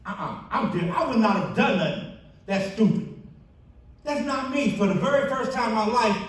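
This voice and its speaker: Man, keynote testimony speaker, lively storyteller, higher voice, very echoey hall heard from afar. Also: fairly quick, far from the mic. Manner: storytelling, acts out quoted friends in animated bursts. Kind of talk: testimony speech at a banquet. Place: church banquet hall.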